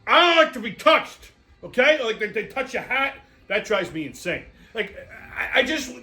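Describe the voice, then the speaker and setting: Brash, foul-mouthed high-voiced man ranting. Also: big pitch swings, measured pace, long pauses, sharp tone. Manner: brash, crude, exasperated. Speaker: host. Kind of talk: profane comedic rant.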